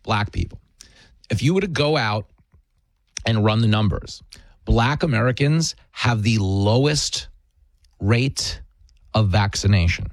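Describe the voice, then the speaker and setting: A man's voice: lowish voice, lively intonation, unhurried, long pauses, dry recording. A man hosting a talk radio show, delivering an opinionated monologue in an emphatic, sarcastic way.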